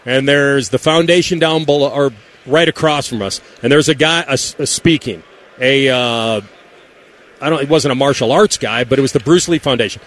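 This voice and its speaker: A man's voice: mid-range voice, normal speed, a bit bright. A man co-hosting a sports radio show from a broadcast booth, telling stories in a laid-back way. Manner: laid-back, storytelling, trails off and restarts. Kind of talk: casual radio banter. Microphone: studio mic.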